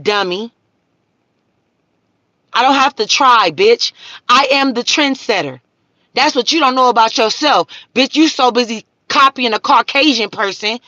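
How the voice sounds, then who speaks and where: A woman's voice: a little high, measured pace, pauses often, bright, forceful tone, no room sound, lo-fi sound. A woman, hosting a live stream and ranting profanely at her viewers. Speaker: livestream host.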